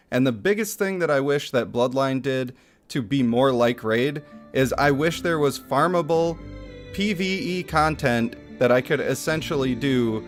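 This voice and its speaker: A man streaming a mobile game from his home setup, chatting casually, getting excited and laughing often, into a desk microphone. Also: mid-range voice. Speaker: gaming streamer. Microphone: desk microphone picking up chair rumble.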